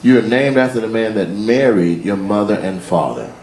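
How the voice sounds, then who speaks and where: A man doing stand-up crowd work, teasing audience members with quick-fire questions. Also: on the low side, animated. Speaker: stand-up comedian. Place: comedy club stage. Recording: echoey live venue with loud crowd laughter.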